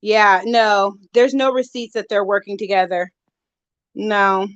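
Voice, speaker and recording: A woman's voice: mid-range voice, a little slow, clear, resonant tone, dry recording. A woman vlogger chatting casually on a live stream, greeting viewers and giving gossipy commentary on online drama, a bit winded. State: winded, out of breath. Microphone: phone. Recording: dull lo-fi, dry sound.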